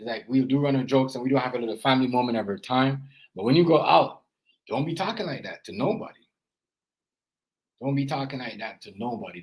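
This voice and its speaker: A man with a mid-range voice, a parent who makes reaction videos, offers rambling, earnest commentary in a low-quality recording. He lectures about parenting and keeps saying "you know" and "as I said."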